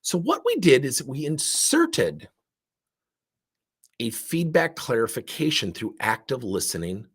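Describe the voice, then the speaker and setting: A middle-aged man giving a fast, animated talk about leadership and coaching, acting out the dialogue in his stories. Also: medium pitch, breathy edge. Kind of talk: lively talk.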